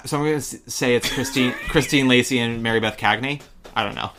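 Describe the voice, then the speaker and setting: Bright-voiced gossipy man hosting a podcast. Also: medium pitch, a little hiss or hum. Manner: gossipy, animated storytelling with quick laughs. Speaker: podcast host. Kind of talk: casual chat.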